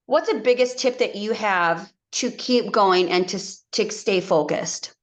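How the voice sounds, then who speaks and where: A woman hosting a motivational team video call, chatty and encouraging. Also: mid-range voice. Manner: chatty, encouraging, quick asides.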